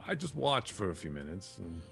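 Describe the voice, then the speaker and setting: Gravelly low-voiced man playing a game. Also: sing-song, brisk, a bit bright. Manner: speaks briefly, in-character asides. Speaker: player. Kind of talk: playing a character in a tabletop game. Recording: faint music behind.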